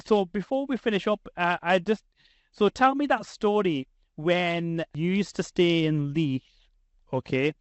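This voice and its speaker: A man hosting a podcast, earnest and a bit halting as he gathers his thoughts. His voice sits somewhat high for a man. The recording is dry and close. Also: clear, resonant tone, dry recording. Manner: earnest, many fillers and restarts. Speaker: podcast host. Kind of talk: casual conversation.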